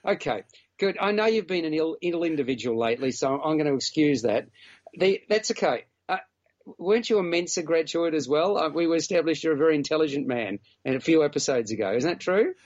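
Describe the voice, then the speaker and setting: A man in casual podcast chat, rambling and teasing as he talks a film through. His voice sits a little high and sounds dull and lo-fi. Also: animated, brisk. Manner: chatty, teasing, talks in long run-on stretches. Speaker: film reviewer co-host.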